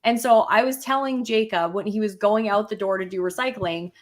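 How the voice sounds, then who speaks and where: A woman's voice: medium pitch, a little fast. A young woman co-hosting a casual podcast chat, telling stories with animation and acting out quarrels with a rising voice. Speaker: podcast co-host.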